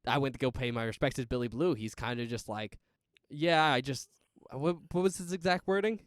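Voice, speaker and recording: A man in casual conversation as a podcast co-host, quick to laugh and animated as he goes. His voice sits at an ordinary pitch. The sound is dry and close. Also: no room sound. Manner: chatty, animated, laughs often. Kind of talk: casual movie chat.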